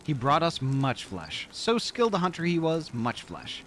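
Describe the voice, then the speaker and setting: A man voicing an old insect-like tribal elder from a game, reading the lines slowly and haltingly, with game music behind him. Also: fairly high pitch, huge pitch swings, a bit bright. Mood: solemn.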